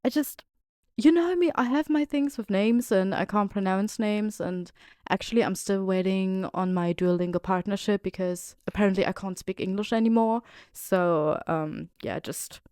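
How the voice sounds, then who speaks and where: A woman hosting a fan podcast in a casual, chatty, excitable way, often apologizing. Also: medium pitch, no room sound, clean studio sound. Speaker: podcast host.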